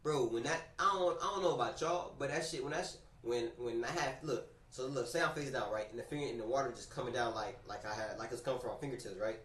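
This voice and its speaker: A man on a livestream telling a story in a casual, animated, slangy way, often repeating his phrases, recorded in a roomy space away from the mic. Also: mid-range voice, fast talker, hardly any pauses, recorded from a distance. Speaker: streamer.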